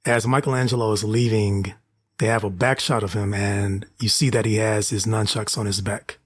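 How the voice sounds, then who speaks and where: A man co-hosting a podcast, relaxed, mostly chiming in with short agreeing remarks. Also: on the low side, moderate pace, husky, dry recording, studio quality. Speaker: podcast co-host. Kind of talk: casual podcast chat.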